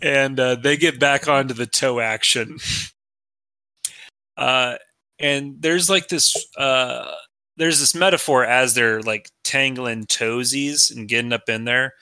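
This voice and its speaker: Sharp-voiced crude joking podcast host. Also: male voice, medium pitch, fairly even intonation, slow, smooth, no room sound. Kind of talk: crude comedic podcast chat.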